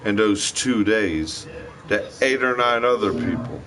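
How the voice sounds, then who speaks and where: A man's voice: fairly low pitch, measured pace, a bit bright, slight background noise. A man on a livestream, ranting in an angry, profane and repetitive way. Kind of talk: rambling livestream rant.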